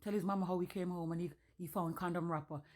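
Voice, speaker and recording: Woman, casual storyteller; blunt, profane, animated delivery. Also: lowish voice, fast.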